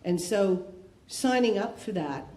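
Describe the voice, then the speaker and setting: Animated yet slow, a woman from Canada speaks in a warm, mid-range voice during a personal share at a recovery talk. She asks rhetorical questions in a candid, conversational way, recorded in an echoey room with faint noise.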